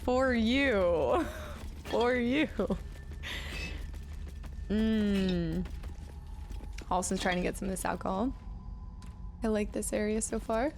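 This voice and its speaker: A woman's voice: mid-range voice, fairly even intonation, a little slow, creaky, long pauses, darkish tone, slight background noise. A woman in her late twenties chatting casually on a gaming livestream, talking with her chat and laughing often. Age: late 20s. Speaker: streamer.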